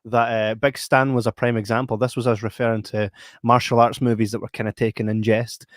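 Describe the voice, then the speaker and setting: A man's voice: mid-range voice, level tone, brisk, dry recording, clean studio sound. A man with a Scottish accent co-hosting a podcast, joking around in playful banter and asking the guest questions. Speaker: podcast co-host. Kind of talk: casual podcast chat.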